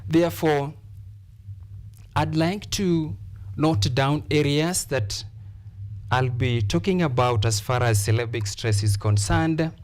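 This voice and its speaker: A man from Kenya, teaching a televised classroom lesson. He explains deliberately, repeats his examples and pauses on "uh" fillers. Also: on the high side, a little mellow.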